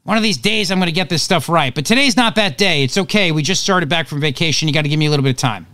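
A man's voice: on the high side, very fast, dry recording, clean studio sound. A man hosting a talk radio show, delivering an opinionated monologue with sarcastic jokes and asides. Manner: sarcastic, animated, jokey asides.

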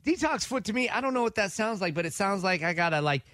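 Lively high-voiced radio storyteller. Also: male voice, fast talker, dry recording, clean studio sound. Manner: animated storyteller who acts out quotes. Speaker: radio co-host. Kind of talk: casual morning radio storytelling.

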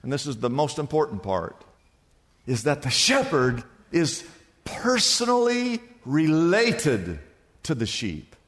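A man preaching a sermon to a church, with dramatic phrasing that swoops from high to low and falls quiet. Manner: dramatic preaching, drawn-out phrases, sharp drops in pitch and loudness. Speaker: pastor. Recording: long reverb of a church hall.

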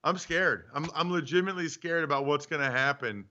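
A man with a bright, clear, ringing voice co-hosts a sports talk show from home. He teases his partner in an animated, playful way, over slightly dull, lo-fi audio. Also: on the high side, fairly quick. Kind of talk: casual sports radio banter. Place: home studio.

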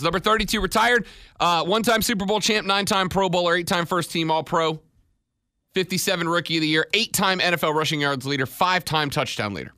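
A man hosting a sports radio show, joking around and rattling off stats quickly at a studio mic. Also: sits high, pushed and bright, no room sound. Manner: wisecracking, rattles off stats fast. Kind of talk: casual sports radio talk.

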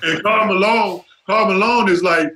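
A former pro basketball player in his fifties swaps stories as a podcast guest, laughing often and using salty slang in casual interview chat. His voice is high, bright and forceful at a normal speed, with slight background noise and poor audio quality.

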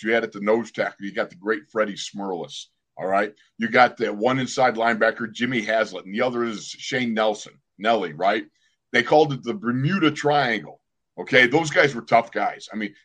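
An older man, a former pro football player, telling lively sports stories on a casual podcast. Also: on the low side. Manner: animated storyteller, acts out other people's lines.

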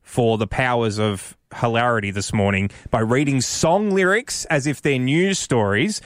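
A man's voice: medium pitch, moderate pace, no room sound. A radio co-host runs a quiz game with playful, mock-outraged banter. His voice sits in the middle range. The studio sound is dry and close. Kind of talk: casual banter.

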